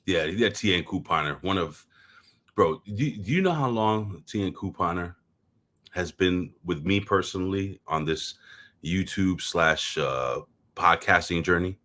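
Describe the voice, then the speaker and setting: A man with a New York accent talks wrestling in a loose, meandering way, swearing freely and stumbling over repeated words. His voice sits very low. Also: a little slow, pushed and bright. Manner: rambling, profane, repeats words and fills with "um". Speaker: co-host of a wrestling review show. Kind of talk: casual livestream chat.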